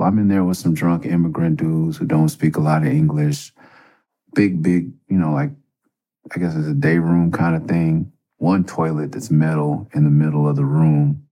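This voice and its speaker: A man's voice: steady tone, moderate pace, mellow. A man casually telling a personal story on a podcast, loose and profane, with lots of fillers. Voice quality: gravelly, husky low voice.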